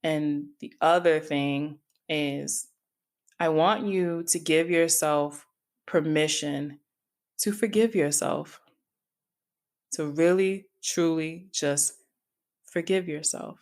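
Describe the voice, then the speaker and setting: A woman's voice: low voice, fairly even intonation, takes it slowly, long pauses, a little mellow. A middle-aged woman hosting a solo podcast, talking candidly and confidingly and speaking straight to her listeners. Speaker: podcast host and coach. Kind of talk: reflective solo podcast talk.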